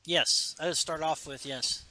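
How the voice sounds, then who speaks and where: An animated man chatting casually and retelling a comic with sound effects. His voice sits a touch high and sounds bright and forceful. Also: a little slow. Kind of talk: casual chat, reading a comic aloud.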